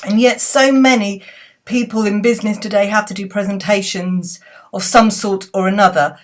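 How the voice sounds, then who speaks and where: A woman's voice: medium pitch, steady tone, moderate pace. A woman talking to her computer's webcam, giving friendly, chatty advice as a public speaking coach, with small restarts. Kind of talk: casual talk to camera giving advice. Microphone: computer webcam mic.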